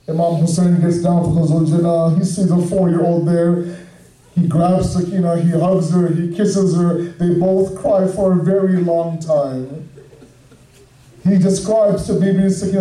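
A man preaching an emotional mourning sermon in a drawn-out style, at times shouting. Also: high-pitched, fairly even intonation. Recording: echoey room, voice from far off.

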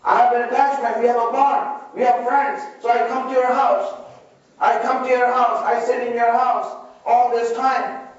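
A man's voice: very high voice, little pitch movement, moderate pace. A man preaching a sermon to his listeners, repeating key lines and asking them rhetorical questions. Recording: echoey, distant, dull lo-fi hall recording.

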